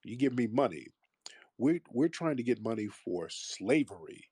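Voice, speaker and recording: A man's voice: mid-range voice, very animated, moderate pace, mellow, husky, dry recording, clean studio sound. A man hosting a call-in talk show, blunt and combative, mocking his callers. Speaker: host.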